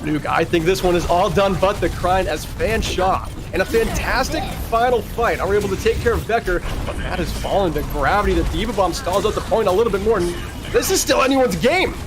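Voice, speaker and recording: A man's voice: sits high, a little fast, few pauses. Young man casting esports over music. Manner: analytical, breaks down fights and asks co-caster questions. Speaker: esports caster. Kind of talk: esports color commentary.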